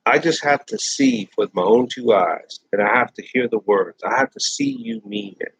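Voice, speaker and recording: Blunt ranting man with husky voice. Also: mid-range voice, sing-song, moderate pace, fairly bright tone, no room sound. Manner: blunt, repeats himself, restarts phrases. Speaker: host. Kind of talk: casual rant to camera. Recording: dull lo-fi dry sound.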